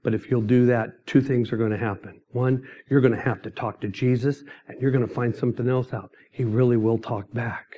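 A middle-aged man telling his mission testimony as a sermon, emphatic and storytelling, breaking into sudden loud outbursts. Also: mid-range voice, steady tone, fairly quick, hardly any pauses, lo-fi sound.

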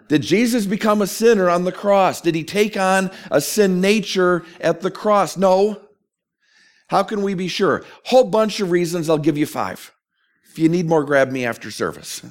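Higher-voiced man preaching a sermon. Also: lively intonation, a little slow. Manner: earnest, questioning, emphatic preaching. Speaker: pastor.

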